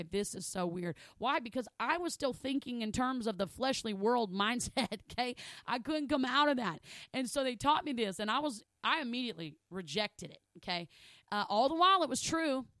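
A woman's voice: medium pitch, fairly bright tone, no room sound. A woman preaching a sermon in a conversational, emphatic way, often checking in with her listeners.

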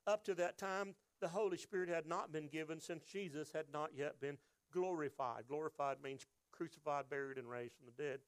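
A man's voice: fairly high pitch, fairly even intonation, moderate pace, clear, resonant tone, dry recording. A man preaching a sermon, reading scripture and acting out crowd voices with emphatic delivery. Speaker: pastor.

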